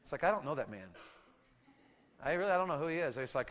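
A man delivering a youth sermon with animated storytelling that swings into shouting. His voice sits fairly high for a man, and a long reverb trails it around a large hall. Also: fast. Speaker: preacher to teenagers.

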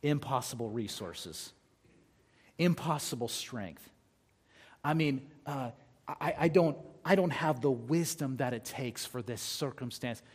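A man's voice: mid-range voice, expressive, unhurried. A man preaching a sermon as pastor, talking conversationally and reading scripture aloud between his points.

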